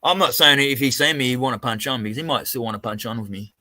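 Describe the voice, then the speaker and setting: A man's voice: medium pitch, fast, bright, forceful tone, no echo. An Australian man swearing freely as he tells a rambling story in a casual live-stream chat over a video call. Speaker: co-host.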